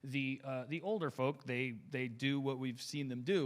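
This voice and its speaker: A man's voice: medium pitch, steady tone, normal speed, hardly any pauses. A man in his forties hosting a podcast, rambling and stammering through a heated, profane rant. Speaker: podcast host.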